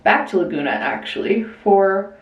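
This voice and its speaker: A young woman talks casually to her viewers, reading their messages and answering with warm, gushing encouragement. Her voice sits at a middling pitch. She sounds like a vlogger chatting straight to the camera. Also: expressive, normal speed, slightly rough, dull audio. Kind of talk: casual chat.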